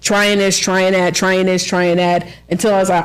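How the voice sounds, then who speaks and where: A woman's voice: on the low side, level tone, normal speed. Chatty woman telling stories. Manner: chatty storyteller, lots of "like" fillers, laughs often. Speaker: author and book coach, podcast guest. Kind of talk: casual interview chat.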